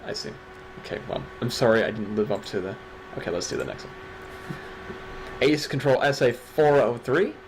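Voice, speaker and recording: A man's voice: mid-range voice, expressive, moderate pace, long pauses, a little hiss or hum, low-quality recording. Sarcastic joking male stream host. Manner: sarcastic, joking, swears casually. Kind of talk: casual stream chat.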